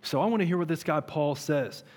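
A man in his thirties preaching a sermon as a pastor, earnest and animated, asking his listeners questions. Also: fairly high pitch, fairly quick. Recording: long reverb of a large hall.

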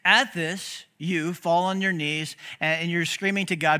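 A male pastor delivers a sermon in a high, bright voice. He keeps it animated and conversational, tossing joking asides to the congregation. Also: a little slow.

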